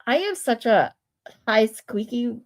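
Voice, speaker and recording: Livestream co-host: a woman with a Michigan accent, a fairly high nasal voice, a loose chatty delivery that often restarts. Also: lively intonation, slow pace. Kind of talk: casual chat.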